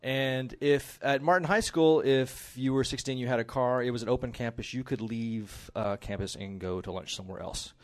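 A man from Texas telling a personal story to an audience in a measured, scene-setting way. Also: medium pitch.

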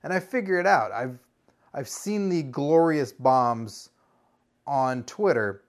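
A man's voice: mid-range voice, slow. Guy on a podcast telling a story, gets super hyped, swears a lot, normal mid voice. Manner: animated, excitable, swears freely, breaks into loud exclamations. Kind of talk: casual storytelling.

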